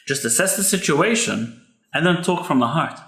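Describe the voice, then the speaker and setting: A man's voice: on the high side, lively intonation, normal speed, a bit bright. A man, a pastor's son hosting a podcast, giving earnest, heartfelt advice about grief. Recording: echoey room.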